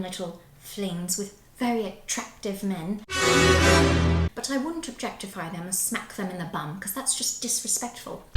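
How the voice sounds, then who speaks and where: A woman's voice: mid-range voice, animated, normal speed, over loud music. A young woman hosting her vlog, reading viewer comments aloud and answering them in a bubbly, playful way. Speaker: vlog host responding to comments. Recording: echoey room.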